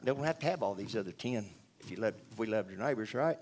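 A man's voice: on the low side, animated, fast, darkish tone, slight background noise. A man giving a rambling, earnest spoken testimony to a church audience, full of restarts and asides.

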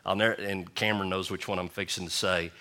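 A male preacher with a low-pitched but bright, forceful voice. He delivers his sermon in a folksy, joking storytelling way, mixing scripture with personal anecdotes. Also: steady tone, quick pace. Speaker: pastor.

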